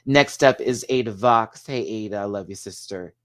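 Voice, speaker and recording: A man hosting a casual solo review, animated and emotional, swearing freely and using drag slang, rambling with restarts and asides to his viewers. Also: on the low side, moderate pace. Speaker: TV show reviewer.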